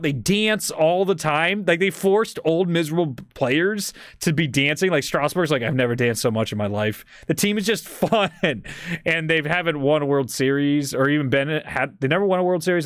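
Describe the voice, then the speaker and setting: A male podcast host chatting casually and at length, voice a touch high for a man and smooth. He rambles, speeds up, and gets loud when excited. Recorded close on a mic in a dry room. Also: no echo. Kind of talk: casual chat on a livestreamed podcast.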